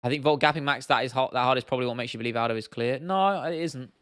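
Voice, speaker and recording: A young man from the UK chats through a casual livestream Q&A in a blunt, slangy way, swearing freely and tripping into restarts. His voice is smooth and resonant, and the sound is close and dry, with no room around it. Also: medium pitch, racing, a bit bright, dry recording. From United Kingdom. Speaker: livestream host.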